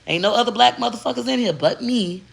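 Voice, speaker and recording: A woman's voice: on the high side, fast, gravelly, slightly rough. A woman content creator in a casual, heavily profane vlog rant, talking straight to her viewers and moving between slang and a proper voice. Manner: emphatic and preachy.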